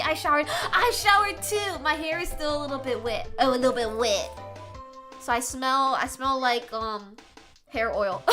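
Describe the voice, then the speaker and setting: A young woman streaming live, chatting casually and playfully with viewers, teasing, giggling and hamming up mock drama. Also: high-pitched.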